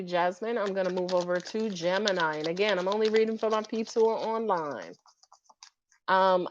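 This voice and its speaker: A woman doing a live-stream tarot reading, sassy and animated and laughing often. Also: on the low side, highs cut off, slight background noise. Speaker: tarot reader.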